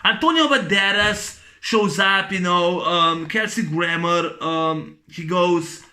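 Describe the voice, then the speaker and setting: A man's voice: high voice, slow pace, pushed and bright. A man with giving a profane, rambling movie rant, full of fillers and restarts. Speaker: movie reviewer.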